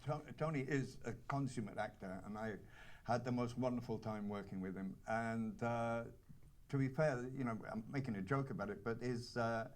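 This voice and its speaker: A man from North Wales with a North Welsh accent, an actor telling anecdotes at a cinema Q&A in a halting, wry way full of restarts. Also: mid-range voice. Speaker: actor at a screening Q&A. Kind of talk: casual anecdotal panel talk. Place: cinema auditorium with audience.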